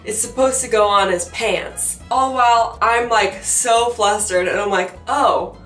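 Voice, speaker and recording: A young woman vlogger telling a funny personal story in a chatty, animated way, with many fillers, often laughing at herself. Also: fairly high pitch, a little slow. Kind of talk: casual storytelling to camera. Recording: roomy sound from a distance with faint music.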